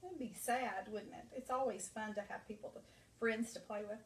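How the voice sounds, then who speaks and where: Preschool teacher lady reading a story to kids, bright high voice, echoey room, mic far off. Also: moderate pace. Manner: animated, asks the children questions. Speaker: nursery school teacher. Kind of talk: reading a storybook to young children.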